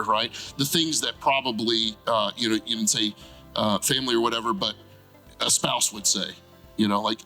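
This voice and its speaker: A man talking through ideas in a relaxed conversational way, often checking in with "right?". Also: mid-range voice, moderate pace, soft background music, low-quality recording. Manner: animated, frequent "right?" tag questions. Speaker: therapist guest. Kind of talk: conversational explanation.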